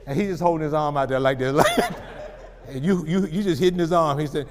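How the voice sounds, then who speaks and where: A man's voice: on the high side, a little fast. A man giving a humorous, preacher-like motivational talk to parents, calling out to the crowd. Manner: humorous, animated, call-and-response. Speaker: parenting speaker at a family expo. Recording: reverberant hall.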